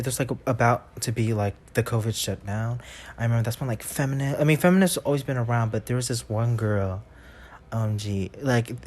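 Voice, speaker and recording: A young man co-hosting a podcast, telling school stories in casual chat with heavy cursing, laughing as he goes. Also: medium pitch. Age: young adult. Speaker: podcast co-host.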